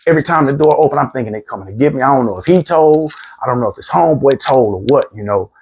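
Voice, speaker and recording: Husky-voiced middle-aged man telling his story. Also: mid-range voice, lively intonation, quick pace, a little mellow. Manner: plainspoken, street-casual, repeats himself. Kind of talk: candid storytelling monologue.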